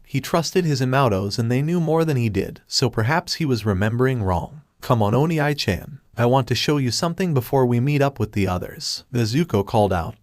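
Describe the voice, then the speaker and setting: A man narrating a fan fiction story in an even, unhurried manner. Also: mid-range voice, no echo, studio quality. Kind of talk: scripted narration.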